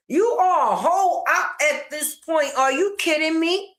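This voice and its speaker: She has a very high voice and sounds animated, talking a little slowly with hardly any pauses. This online commentator's rant is sassy and slangy, full of mockery and back talk aimed at the person in question.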